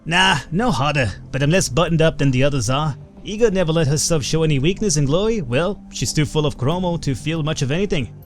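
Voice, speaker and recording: A man voicing a rowdy, gruff older male punk-rocker mage in a put-on Irish accent while reading game dialogue. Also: on the high side, lively intonation, fairly quick, few pauses, faint music behind, pitched above the performer's own voice, lightly acted. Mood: swaggering.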